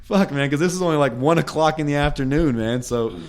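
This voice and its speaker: A man's voice: a little high, brisk. Rambling, cussing young guy telling a story. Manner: rambling and profane, heavy on "like" and "man". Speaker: podcast co-host. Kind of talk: casual storytelling.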